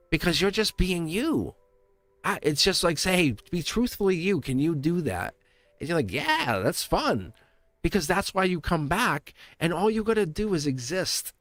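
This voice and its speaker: A middle-aged man with a Boston accent doing a chatty, giggly live tarot reading and talking straight to viewers. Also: fairly high pitch. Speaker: tarot reader.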